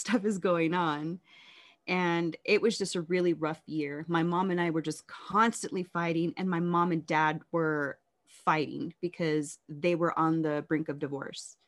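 In an interview, a woman recounts her life with candor and reflection; her voice is lowish, and she often stops and restarts.

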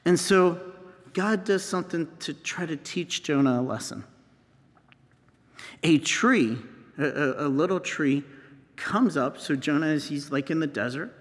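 A male priest preaching a homily, retelling a scripture story in an unhurried, drawn-out way and acting out the characters' outbursts. His voice sits a little high. It rings with the long echo of a large hall.

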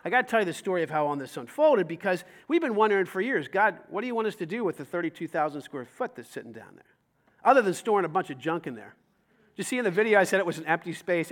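High-voiced animated male pastor. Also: fast. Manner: animated storytelling, acting out dialogue, rising to loud emphasis. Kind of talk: sermon. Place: church sanctuary.

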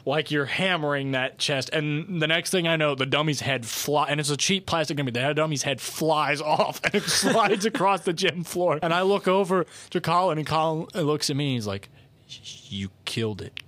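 A young man co-hosting a casual podcast, telling a funny story with a joking, animated manner. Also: fairly high pitch, normal speed, hardly any pauses. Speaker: podcast co-host.

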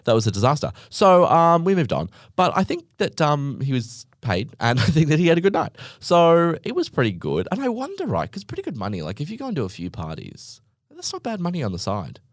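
Sarcastic young man, lively voice. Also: medium pitch, quick pace, no echo, clean studio sound. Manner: sarcastic, rambling, heavy use of "like". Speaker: podcast host. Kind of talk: casual storytelling monologue.

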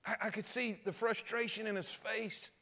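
A man preaching a sermon, emphatic and repetitive, swinging between loud cries and hushed tones. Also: high voice, little pitch movement, moderate pace. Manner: repeats phrases and restarts often.

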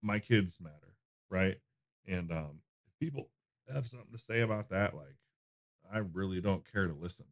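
Low-voiced candid man, dry close sound. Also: expressive, moderate pace, long pauses, no room sound. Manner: candid, swearing freely, trailing into quiet asides. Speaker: podcast guest. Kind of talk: casual conversation.

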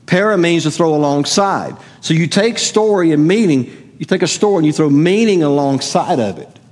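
A man's voice: fairly high pitch, expressive, normal speed, darkish tone. A middle-aged man preaching a sermon as pastor, conversational and asking the congregation questions. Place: church sanctuary. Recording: long hall reverb.

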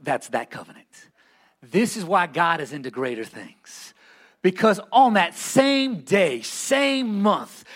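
A male pastor delivering a sermon. His voice sits unusually high and swings widely in pitch. He climbs into shouted passages and calls on the congregation to repeat phrases back to him. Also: very animated, slow pace. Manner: preaching, often rising to shouts, calls for congregation responses.

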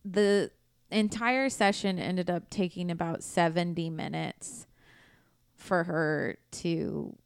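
A woman's voice: fairly low pitch, steady tone, slow, creaky, clean tone, no echo, clean studio sound. A woman podcast host casually retelling a true crime case in a blunt, profane, conversational way.

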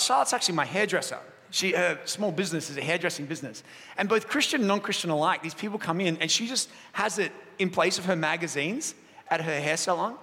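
A man with a high, bright voice delivers a sermon as pastor. He moves between storytelling and light jokes with the congregation. His voice rings out through a church auditorium with a long reverb tail. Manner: lively storytelling, jokes with the room.

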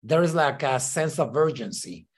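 A ministry leader tells his story as a guest on a podcast, in a casual interview. His voice sits a little higher than most men's, with lively intonation and a moderate pace. He uses lots of "uh" fillers and acts out the voices of people he quotes.

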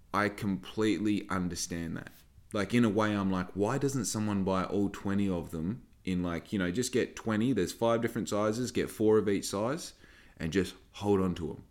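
A young man hosting a podcast, talking in a casual, rambling way and swearing freely as he tells a story. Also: fairly low pitch. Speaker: podcast host and small business owner.

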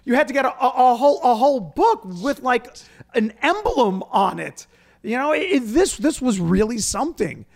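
A rabbi from New York telling a funny story in a casual chat, animated and laughing, acting out other people's lines. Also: male voice, very high voice, normal speed, gravelly. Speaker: rabbi and podcast host.

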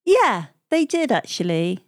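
A woman's voice: a little high, big pitch swings, measured pace, no room sound, studio quality. A woman telling stories as an interview guest, chatting freely, laughing often and quoting the people she met. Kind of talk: conversational storytelling.

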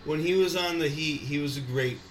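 A man's voice: a little high, brisk. A man in casual chat, rambling and profane, talking animatedly with a friend. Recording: echoey room, faint background noise.

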